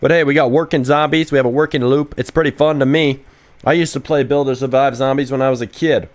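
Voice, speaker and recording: Young guy streaming his game dev, swears a lot, rambly and hyped, mid pitch. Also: fast talker. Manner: brash, profane, excitable rambling; reads viewer chat questions aloud and answers. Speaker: game developer streaming live. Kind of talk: casual livestream chat while coding.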